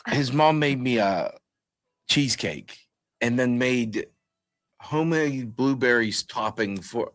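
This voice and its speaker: Slow laid-back male cohost. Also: medium pitch, animated, a bit bright, dry recording. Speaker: radio co-host. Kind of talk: casual on-air banter.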